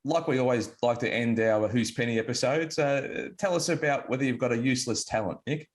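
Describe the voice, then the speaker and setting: A man hosting an interview show, asking relaxed questions and giving short affirmations. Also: mid-range voice, brisk. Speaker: podcast host.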